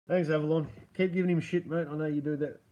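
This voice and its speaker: A man's voice: on the high side, steady tone, fast talker, mellow. A middle-aged man hosting a casual livestream and talking to his chat, rambling and profane, laughing often and sarcastic. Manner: sarcastic about media. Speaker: livestream host reading chat.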